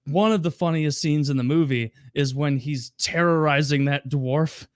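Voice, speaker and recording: A man's voice: fairly high pitch, moderate pace, dry recording, clean studio sound. A man co-hosting a podcast, chatting casually about a film and acting out scenes with laughter. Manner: animated storyteller, acts out scenes with laughs. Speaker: podcast co-host. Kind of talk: casual movie review chat.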